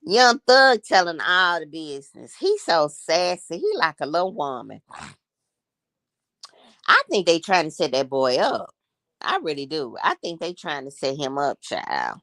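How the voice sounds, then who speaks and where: A woman in her sixties chats on her livestream and gossips freely, calling her viewers y'all. Her voice sits a little low but swings up and down a lot. The sound is dry and close, with no room around it. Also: huge pitch swings, a little slow, a bit bright, no echo. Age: 60s. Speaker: livestream host. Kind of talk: casual chat.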